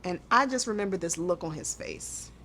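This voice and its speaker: A woman's voice: on the low side, lively intonation, normal speed, fairly bright tone, slight background noise. A woman guest on a podcast, telling a hard personal story in an earnest, intimate way, often repeating her phrases.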